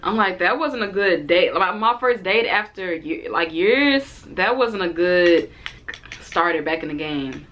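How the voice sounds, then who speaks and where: Animated young woman telling a date story. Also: lowish voice, measured pace, a little hiss or hum. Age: 20s. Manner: animated, acts out both sides of the date in quotes. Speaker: vlogger. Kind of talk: casual storytelling to camera.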